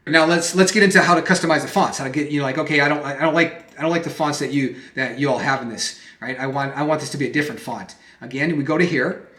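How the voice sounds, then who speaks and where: A man giving a casual screen-recorded software tutorial, talking conversationally, restarting phrases and checking in with "okay?" and "right?". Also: fairly high pitch, fast talker. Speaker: presentation software instructor. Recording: echoey room sound.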